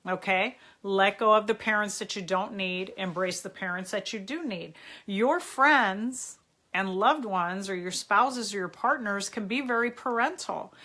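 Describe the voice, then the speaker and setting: A woman's voice: mid-range voice, a little slow, sharp tone. A middle-aged woman hosting a live stream, giving earnest, encouraging advice in a casual way and greeting viewers as she goes. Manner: earnest and encouraging, chats with viewers between points. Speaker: host answering viewer questions on a live stream.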